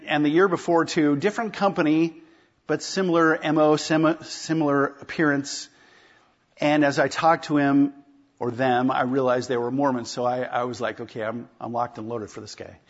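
A pastor preaching a sermon in a conversational way, often asking the congregation rhetorical questions. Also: male voice, on the high side, steady tone, normal speed, dull audio.

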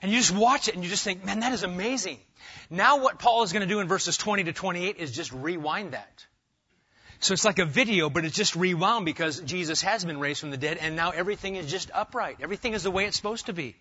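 Middle-aged pastor guy preaching, chatty and animated, kinda high bright voice, dull lo-fi recording. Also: fast, husky. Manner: animated, conversational preaching with rhetorical questions. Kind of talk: expository sermon.

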